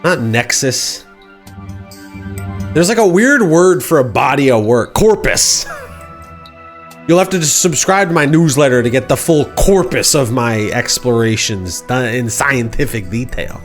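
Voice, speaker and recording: A man's voice: medium pitch, animated, measured pace, faint music behind. A man hosting a live stream, telling a rambling, playful made-up story with lots of self-interruptions. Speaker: streamer host. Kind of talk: improvised comic storytelling.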